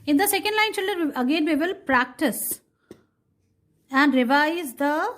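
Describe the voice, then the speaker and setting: Slow, high-voiced teacher sounding out letters. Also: female voice, lively intonation, a bit bright. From India. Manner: sounds out letters slowly, repeats words, addresses children. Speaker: kindergarten teacher. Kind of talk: slow, sing-song phonics lesson for young children.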